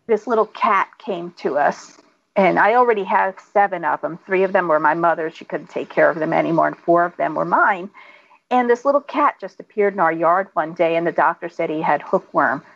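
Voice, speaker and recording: A woman's voice: lowish voice, normal speed, lo-fi sound. A middle-aged woman, a guest author, chatting casually and telling stories with frequent laughter. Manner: laughs often, animated storytelling. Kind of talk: casual chat.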